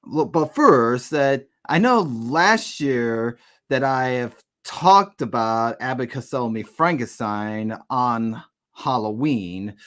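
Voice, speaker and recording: A man's voice: medium pitch, fairly bright tone. A man hosting a casual podcast over a video call, rambling and restarting his sentences. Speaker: podcast host.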